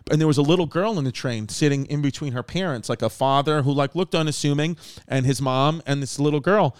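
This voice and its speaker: A man tells a rambling story in casual chat. His voice is smooth and clear, and it is recorded close and dry. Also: fairly high pitch, brisk, no room sound. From Queens, New York. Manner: rambling, with many fillers and profanity.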